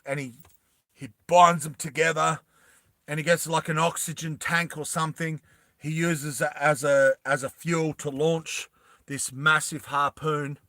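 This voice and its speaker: A young man excitedly telling his viewers about his story ideas, rambling and correcting himself as he goes. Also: on the high side, no echo, clean studio sound. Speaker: animated film creator.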